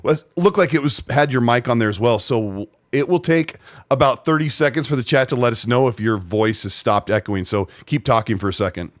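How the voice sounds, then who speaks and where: A man's voice: mid-range voice, fairly quick, no room sound, clean studio sound. A man hosting a gaming podcast, talking in a laid-back, hesitant way with lots of fillers. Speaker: podcast host. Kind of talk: casual podcast chat.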